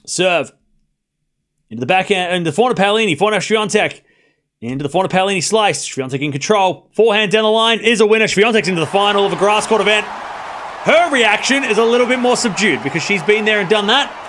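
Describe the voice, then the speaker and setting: A man giving casual live play-by-play of tennis for his stream, talking to chat and shouting at big points. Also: sits high, fast. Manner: excitable, talks straight to chat, bursts of shouting at big points; casual and chatty, with slang and asides. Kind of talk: live watchalong play-by-play commentary.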